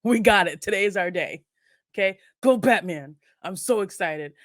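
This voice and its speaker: A woman's voice: medium pitch, animated, normal speed, no room sound, studio quality. A young adult woman co-hosting a casual morning show, joking around with mock seriousness. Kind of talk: casual chat.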